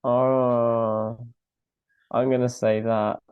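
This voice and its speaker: A man's voice: medium pitch, little pitch movement, extremely slow, clean tone, no room sound, narrow, tinny audio. A man co-hosting a casual podcast, wry and self-mocking as he tries to answer quiz questions. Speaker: podcast co-host.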